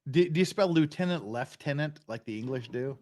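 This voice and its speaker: A man's voice: on the high side, animated, a little fast, a little mellow. A tipsy man hosting a casual chat, telling crude jokes and laughing often. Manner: crude, laughing joke-teller. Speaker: livestream host.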